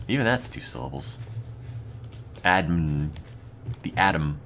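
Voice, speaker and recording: A man's voice: low voice, animated, measured pace, a bit bright, slight background noise. A young American man with an East Coast accent, rambling in a dry, mock-serious way while streaming a game. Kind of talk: casual gaming stream chat.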